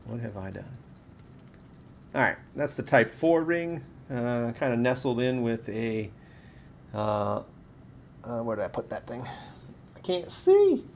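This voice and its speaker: Male streamer, mid-pitched, rambles and corrects himself, workshop setting, faint background rumble. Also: unhurried, long pauses. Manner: rambling, self-correcting, chatty with viewers. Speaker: saber parts maker and stream host. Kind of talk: casual live stream product showcase. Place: home workshop studio with camera and key light.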